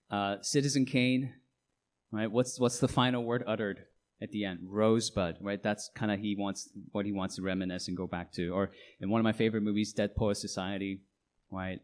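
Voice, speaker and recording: A man's voice: fairly low pitch, fairly even intonation, moderate pace, darkish tone. A middle-aged man, a pastor, preaching a sermon with emphatic delivery and frequent rhetorical questions.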